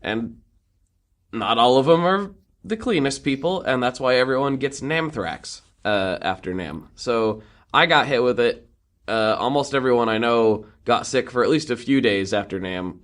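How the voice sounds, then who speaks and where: A man co-hosting a podcast, chatty and joking as he talks, quick to laugh. His voice sits at an average pitch for a man. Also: a bit bright. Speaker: podcast co-host. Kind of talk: casual chat.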